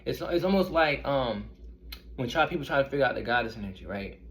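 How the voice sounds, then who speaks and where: A man, speaking at a middle pitch in a loose, rambling manner. He talks straight to camera as a spiritual medium, and he keeps turning to his viewers with questions. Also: expressive, fairly quick. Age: 30s. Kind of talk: casual talk to camera.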